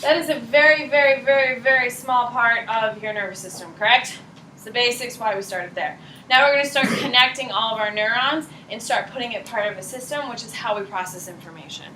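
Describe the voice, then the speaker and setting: High-voiced animated woman teacher. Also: a little fast, slight background noise. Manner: animated, chatty, checks in with students. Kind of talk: classroom lecture. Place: classroom. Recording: roomy classroom echo.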